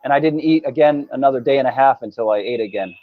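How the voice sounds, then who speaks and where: A man's voice: mid-range voice, fast, dry recording. A man chatting casually as a guest, telling stories with many restarts. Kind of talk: casual chat. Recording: dull lo-fi sound.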